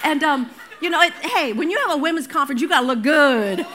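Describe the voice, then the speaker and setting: An older woman pastor preaching a sermon in a lively, conversational way, breaking into personal stories and asides. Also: high-pitched, quick pace, a little hiss or hum.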